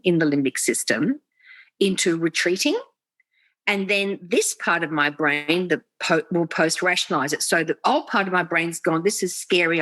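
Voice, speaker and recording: A woman's voice: fairly low pitch, a bit bright, no echo, poor audio. A woman, an executive coach, explaining with animation on a video call and acting out quoted inner voices. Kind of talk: interview talk, explaining.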